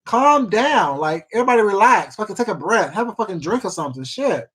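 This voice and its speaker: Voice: medium pitch, sing-song, fairly quick, a bit bright, husky. A livestream host chatting casually to viewers, gossiping with lots of swearing and repeats and calling people baby and sweetheart. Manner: rambling, profane gossip with many repeats and fillers. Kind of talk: casual livestream chat reading viewer comments.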